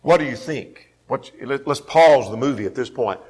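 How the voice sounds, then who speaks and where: A male Bible class teacher with a lively, up-and-down voice in a middle register. He stresses his points by repeating them and keeps asking his listeners questions. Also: medium pitch, moderate pace. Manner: emphatic, repeats key phrases for the class.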